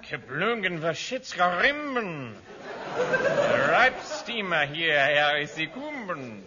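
A man's voice: on the high side, sing-song, slow pace, muffled recording, over a noisy crowd, heavy background noise. A man voicing a pompous, blustering German general with a mock German accent, on an old radio comedy recording. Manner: blustering, comic.

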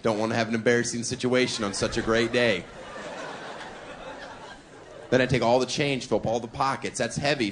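Cheeky male stand-up comic, noisy club. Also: mid-range voice. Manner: cheeky, deadpan asides, laughing at own jokes. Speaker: stand-up comedian. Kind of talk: live stand-up routine. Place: comedy club stage.

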